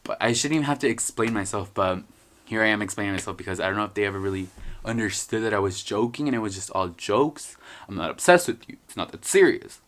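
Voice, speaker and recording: A man's voice: on the low side, expressive, fast talker, a bit bright. A young man telling stories in a casual vlog, rambling, joking and swearing freely. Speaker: vlogger.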